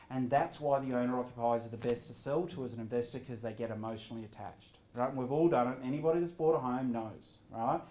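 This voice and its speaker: A middle-aged man giving a property investment seminar to a live audience, lively and often quizzing the crowd. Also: medium pitch. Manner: energetic, quizzes the audience with quick questions.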